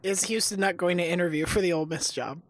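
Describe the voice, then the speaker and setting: A woman's voice: fairly low pitch, fast talker, crowd noise. Playful woman co-host. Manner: playful, mock-serious, teasing. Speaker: podcast co-host. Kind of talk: casual sports chat.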